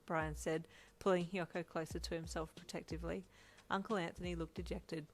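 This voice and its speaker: A woman narrating a fan fiction story in a steady, low-key way. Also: a little fast.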